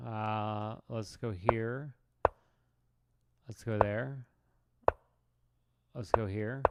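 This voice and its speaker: A man's voice: fairly low pitch, fairly even intonation, very slow. A man streaming his chess games, commenting on the moves in a wry, rambling, self-mocking way. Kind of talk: casual live game commentary. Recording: loud background noise.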